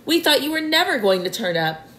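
A woman's voice: a little high, very animated, brisk, sharp tone, slight background noise. A woman voicing a friendly old male grasshopper in a storybook reading. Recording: roomy echo.

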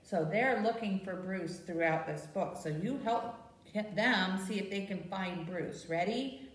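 A woman librarian with a medium-pitched voice and measured pace leads a baby storytime in a library program room, reading a picture book. She's animated and sing-song, asking the little ones questions as she goes. The sound is roomy and distant.

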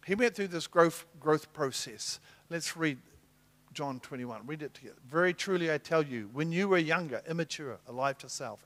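Middle-aged male apostle, sermon, slightly high voice, animated storyteller who plays every character. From New Zealand. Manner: animated storytelling, acting out dialogue with big swings in loudness. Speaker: apostle preaching.

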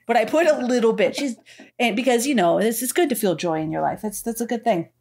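A woman co-hosting a podcast, talking in a fairly high voice. She rants in an animated, exasperated way and acts out quotes as she goes. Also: fast. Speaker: podcast co-host. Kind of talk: casual chat.

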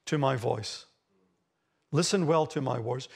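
An Australian man preaching from the pulpit, his voice gravelly with a husky edge. He builds to emphatic, forceful phrases as he drives points home. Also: medium pitch, measured pace, pauses often. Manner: emphatic preaching, rising loud on key phrases. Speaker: pastor. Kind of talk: sermon. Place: church hall.

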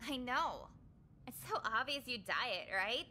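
A woman's voice: on the high side, very animated, a little slow, pushed and bright, slight background noise, exaggerated voice. A woman voicing a bossy, scheming teenage girl who leads a student gang, snapping orders for a game. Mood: chatty. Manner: snappy, commanding. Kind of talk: game character voice acting.

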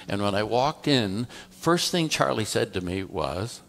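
Gravelly-voiced male pastor telling a story. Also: on the low side, big pitch swings, a little slow, fairly bright tone. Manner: conversational, tells a story through quoted dialogue. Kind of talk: storytelling sermon. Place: church.

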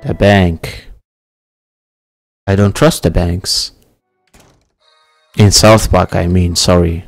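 A man's voice: low-pitched, fairly even intonation, takes it slowly, pauses often, faint music behind. A young man hosting a casual let's-play, who laughs often and speaks with non-native phrasing. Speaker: gaming channel host.

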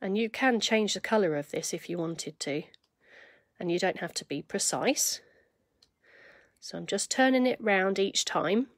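A woman's voice: medium pitch, expressive, unhurried, no echo, clean studio sound. A woman giving a live craft demonstration, chatting to viewers and thinking aloud as she works.

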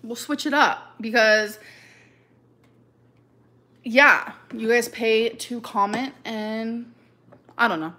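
Chatty woman with a bright voice. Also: a little high, slow pace, long pauses. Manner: chatty, rambling, many fillers and laughs. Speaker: live stream host. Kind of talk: casual live chat with viewers.

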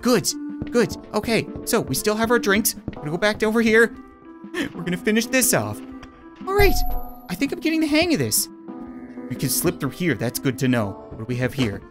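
A man's voice: high-pitched, big pitch swings, normal speed. Sarcastic, jumpy man playing a horror game. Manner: sarcastic, jumpy, self-deprecating. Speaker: gaming YouTuber. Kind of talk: horror game let's play commentary. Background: game music.

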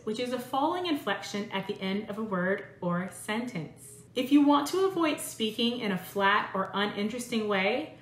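A woman voice coach giving a clear, measured instructional lesson. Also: mid-range voice, fairly bright tone. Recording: roomy echo.

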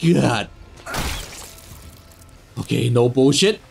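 A young man giving sarcastic let's play commentary on a horror game, swearing and yelling at jump scares. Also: mid-range voice, animated, drawn-out words, gravelly, faint music behind. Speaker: gaming YouTuber.

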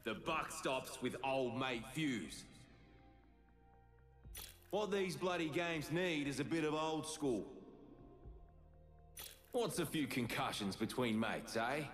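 An actor with an Australian accent playing a rowdy, boastful older demolitions brawler in video game voice lines, gruff and jokey. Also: male voice, medium pitch, fairly bright tone.

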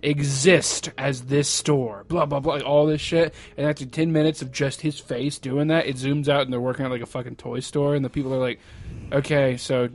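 A man's voice: medium pitch, little pitch movement, quick pace, hardly any pauses, a little mellow. A young man casually commentating a video game with a friend, joking and swearing as he acts out silly voices. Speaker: let's play commentator.

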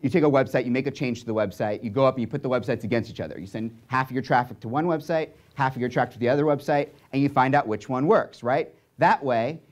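A young man speaking to an audience, telling a story in an animated way and checking in often with "right?" and "okay?". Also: mid-range voice, fast talker, hardly any pauses.

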